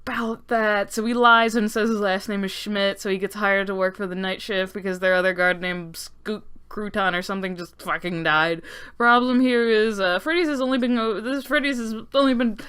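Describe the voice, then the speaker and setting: A woman's voice: mid-range voice, fairly even intonation, normal speed, a bit bright, smooth. A young woman recapping a story timeline in a sarcastic, rambling way with lots of swearing. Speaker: lore recap narrator. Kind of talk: comedic lore recap.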